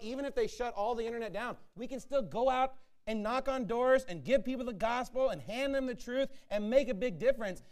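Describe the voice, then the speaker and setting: High-voiced man preaching an emphatic sermon. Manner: emphatic, repetitive, rallying preaching.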